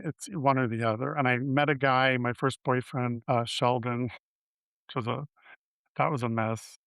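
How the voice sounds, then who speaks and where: A man in his fifties telling his personal story as an interview guest. He speaks candidly and haltingly, often restarting his sentences. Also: mid-range voice, a bit bright, clear, resonant tone, no room sound. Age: 50s.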